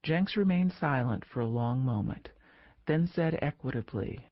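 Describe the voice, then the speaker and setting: A man reading a political thriller audiobook in steady narration. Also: medium pitch, normal speed, no echo, highs cut off.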